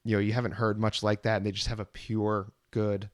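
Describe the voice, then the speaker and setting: Man, low voice, podcast co-host, relaxed, rambling, casual chat, dry sound. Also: fairly quick, dry recording. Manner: relaxed, rambling, many "you know" fillers.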